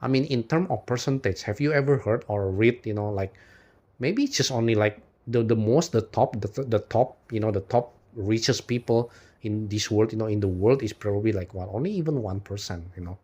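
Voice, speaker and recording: A man with a lowish voice talks straight to his viewers in a loose, rambling monologue. He circles back on himself, repeats words and leans on "you know" constantly. Frustration slips out as swearing, followed by quick apologies and short laughs. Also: darkish tone. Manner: rambling, heavy use of "you know", frequent restarts; laughs between points. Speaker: video host. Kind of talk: unscripted philosophical monologue to camera.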